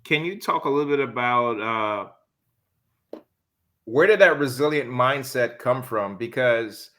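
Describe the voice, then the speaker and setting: A man's voice: medium pitch, expressive, slow, fairly bright tone. A man hosting a podcast interview, nudging his guest along with short responses and asking long, winding follow-up questions. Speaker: podcast host.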